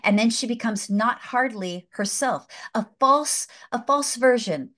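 A woman's voice: a little high, measured pace. A woman guest on a faith show, eagerly retelling a film scene and drawing spiritual lessons from it, emphatic and full of repeated words. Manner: excited, emphatic, repeats herself. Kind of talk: animated storytelling in a faith talk.

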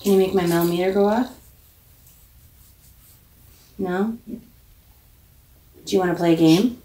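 A woman's voice: on the low side, a little slow, warm tone. A woman on a ghost hunt calling out to a spirit, coaxing it with repeated commands. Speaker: paranormal investigator. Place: old basement, indoors. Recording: echoey basement, mic at a distance.

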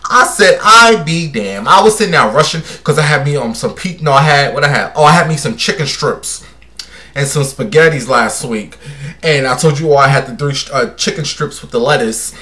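A man's voice: mid-range voice, a little fast, sharp tone. A man hosting a casual gossip livestream, sassy and brash as he talks to his viewers. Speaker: livestream host.

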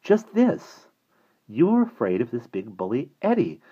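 Man playing a persuasive little old man, purring and coaxing, high and lively, husky, muffled lo-fi sound. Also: a little slow, full character voice. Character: small, soft-spoken, persuasive older man.

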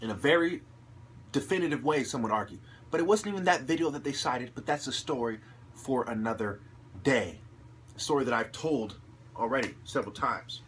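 A man delivering an angry, profane monologue to his viewers, ranting aggressively and rising to shouts. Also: mid-range voice, animated, fairly quick, a little hiss or hum. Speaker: channel host.

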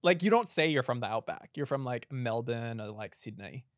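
A man at medium pitch talking casually on a podcast. He rambles through anecdotes, leaning on fillers as he goes. The recording is dry and close, with no room echo. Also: lively intonation, moderate pace. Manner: chatty storytelling, heavy on "like" fillers. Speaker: podcast participant. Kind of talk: casual chat.

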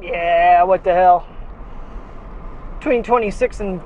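A man's voice: sits high, animated, slow, long pauses, a little mellow, muffled recording, slight background noise. A man chatting casually for his daily vlog as he walks his dog, rambling and self-deprecating with frequent chuckles. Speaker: vlogger. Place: outdoors walking a dog, then in a car. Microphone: small wireless clip mic.

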